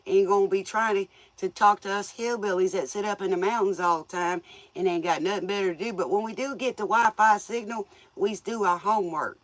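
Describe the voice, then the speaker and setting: A woman's voice: medium pitch, steady tone, fairly quick, no room sound. Folksy joking woman livestream host. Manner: folksy, joking, laughs often; scolds viewers playfully. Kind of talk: casual livestream chat with viewers.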